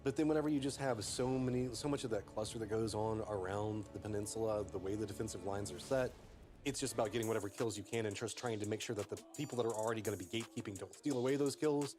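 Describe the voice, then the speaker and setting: A man analysing esports matches on a live panel. He talks very fast in long, analytical runs, with a mid-range voice. Faint music runs beneath him. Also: lowish voice. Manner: rapid, analytical breakdowns.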